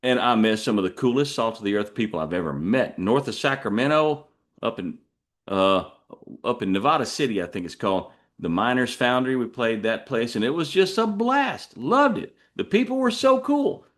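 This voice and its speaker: A man's voice: mid-range voice, expressive, moderate pace, a bit bright. A Texan man hosting a show, telling a rambling folksy story full of asides. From Texas. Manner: folksy, digressive, drawling asides. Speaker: podcast host.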